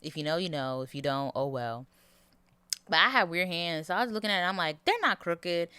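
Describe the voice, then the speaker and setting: Young woman, low voice, bright and crisp, close dry mic, tired rambling podcast chat. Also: a little fast, dry recording. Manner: chatty, rambling, laughs often. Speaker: podcast host. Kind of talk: casual solo podcast chat. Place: in bed at home. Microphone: handheld mic held close to mouth.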